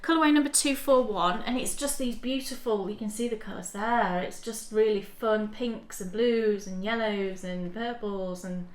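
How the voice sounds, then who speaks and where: A woman's voice: mid-range voice, moderate pace, hardly any pauses, reverberant. A woman, co-hosting a knitting podcast in easygoing chat, showing off yarn and often restarting her sentences. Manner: chatty, restarts often, shows items to camera. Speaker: podcast co-host.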